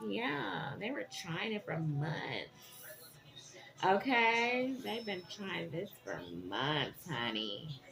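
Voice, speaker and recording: A woman giving a tarot reading to her viewers, animated and dramatic, often checking in with "okay?". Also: fairly low pitch, takes it slowly, creaky, faint music behind. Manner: animated, keeps asking "okay?". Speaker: tarot reader.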